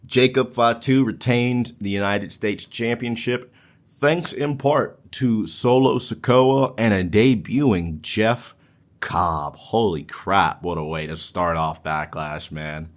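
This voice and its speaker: On his podcast, a host walks through wrestling matches in a lowish, slow, stretched-out delivery. He keeps things relaxed and profane, laughing at himself whenever he trips over words.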